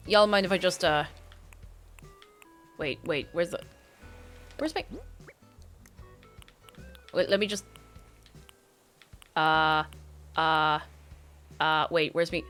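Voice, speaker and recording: A woman streaming a video game, chatting casually and gushing, often dropping into excited whispers. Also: low voice, slow, pauses often, soft background music.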